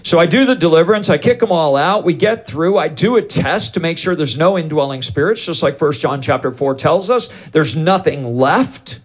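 A man with a somewhat high speaking voice delivers a sermon as a story. He acts out the back-and-forth of the exchanges with lively energy, like a pastor holding a congregation's attention. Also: normal speed, few pauses, husky. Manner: animated, acts out both sides of dialogues. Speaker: pastor leading deliverance ministry.

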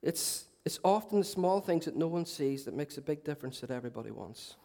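Chatty pastor, high voice. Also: male voice, expressive, fairly quick, gravelly, dark tone. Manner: chatty, self-mocking humour with asides. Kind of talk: sermon. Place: church. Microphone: handheld mic.

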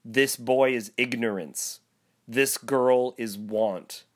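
Man reading sorrowful Christmas spirit, grave warning tone, slow storybook delivery. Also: medium pitch, steady tone, natural voice.

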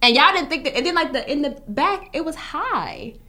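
A young woman with a bright, higher voice talks in a blunt, profane way. She hosts a casual chat and tells her stories with heat. Her tone is forceful and she curses freely. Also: lively intonation, normal speed. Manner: blunt, profane, heated storytelling. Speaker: interviewer and fellow designer.

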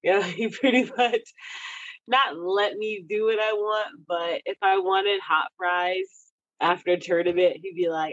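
A talkative young woman from Texas chats as an interview guest, quick to laugh and full of casual filler. Her voice sits in a middle pitch and comes through a dry, slightly dull recording with little room sound. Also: animated, dry recording. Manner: chatty, laughs often, says "freaking". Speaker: athlete guest.

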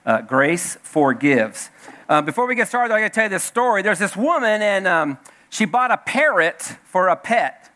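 A man's voice: high-pitched, bright, forceful tone. A man preaching a sermon as a church elder, folksy and joking, repeating himself and restarting phrases, in a church service with a congregation.

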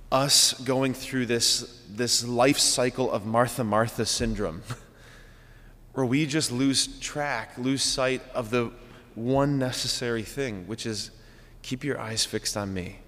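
A man, a priest, giving a conversational sermon in an animated way that keeps adding "right?" and "like". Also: mid-range voice. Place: church. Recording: long church reverb.

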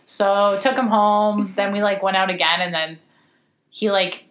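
A woman's voice: medium pitch, steady tone, a little slow, fairly bright tone, slight background noise. A young woman talking bluntly and profanely, her speech packed with "like," on a casual podcast. Her voice sits mid-range and bounces around a roomy, echoey space. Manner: blunt, profane, heavy use of "like". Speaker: podcast co-host.

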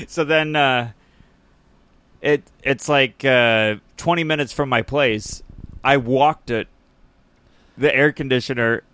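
A man's voice: mid-range voice, takes it slowly, pauses often, fairly bright tone. A man co-hosting a podcast, telling a rambling story in casual chat and laughing often into a close mic. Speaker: podcast co-host.

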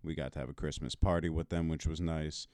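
A man talking as a podcast guest in a relaxed way, agreeing often and swearing casually. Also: very deep voice, a little fast, no room sound, clean studio sound. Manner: relaxed, agreeable, many fillers, profane. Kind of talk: casual chat.

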